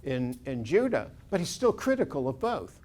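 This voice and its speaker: An older Bible scholar gives an informal, anecdote-filled lecture that wanders off track, with frequent fillers and restarts. His mid-range voice has a sing-song quality and a darkish tone, at a moderate pace.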